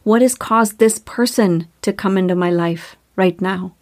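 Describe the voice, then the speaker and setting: Woman doing a spiritual self-help podcast, earnest, asks lots of questions, mid-pitch voice. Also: measured pace. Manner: earnest, repetitive, rhetorical questions. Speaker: podcast host.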